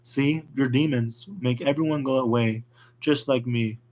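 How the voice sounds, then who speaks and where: A man's voice: medium pitch, steady tone, a little slow, darkish tone, close to an everyday voice. A man voicing a smug middle-aged killer who mocks his victims. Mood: gloating. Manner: smug, mocking. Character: gloating middle-aged male serial killer.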